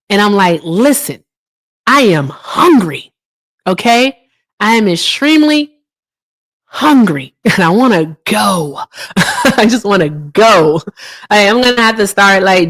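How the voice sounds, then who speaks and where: Chatty woman hosting a political livestream. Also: a bit bright. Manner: chatty, reads viewer comments aloud, swings into high teasing tones. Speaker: livestream host. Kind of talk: casual political livestream chat.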